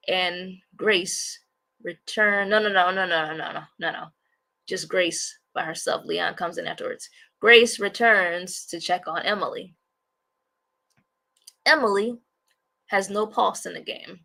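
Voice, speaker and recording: A woman's voice: fairly low pitch, gravelly, sharp tone. A woman hosting a casual livestream, rambling and repeating herself as she talks to viewers. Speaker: livestream host.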